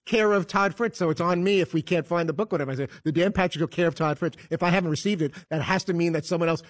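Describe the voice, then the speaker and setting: A man's voice: a little high, quick pace, dry recording. A man on a sports radio crew, stammering and rambling defensively in casual studio banter. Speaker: show staffer.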